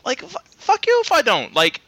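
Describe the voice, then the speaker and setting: A man's voice: extremely high pitch, huge pitch swings, moderate pace, pushed and bright, dry recording. A man casually telling rambling stories among friends, laughing often and acting out what people said. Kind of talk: casual storytelling chat.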